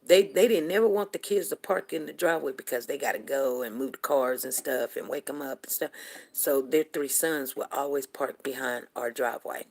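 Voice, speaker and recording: A woman's voice: very deep voice, normal speed, darkish tone. A middle-aged woman, telling a neighborhood story casually to live viewers and greeting them by name. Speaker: livestream host.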